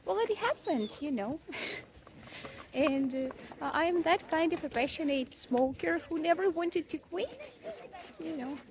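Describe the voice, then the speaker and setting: High-voiced young woman venting frankly. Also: sing-song, unhurried, slight background noise. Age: young adult. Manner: frank, rambling, swears, self-mocking. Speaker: vlogger, mother. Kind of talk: casual confessional vlog.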